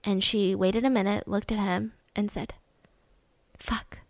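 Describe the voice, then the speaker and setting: A young adult woman hosting a podcast, retelling a crime case in a lively way and acting out the people in it. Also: mid-range voice, normal speed, gravelly, dry recording. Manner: animated retelling, acts out quoted voices. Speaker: podcast host. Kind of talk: true crime storytelling.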